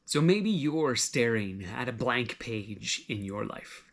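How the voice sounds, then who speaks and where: A man preaching a sermon, conversational and gently encouraging, full of everyday examples. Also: medium pitch, animated, takes it slowly, gravelly. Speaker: pastor.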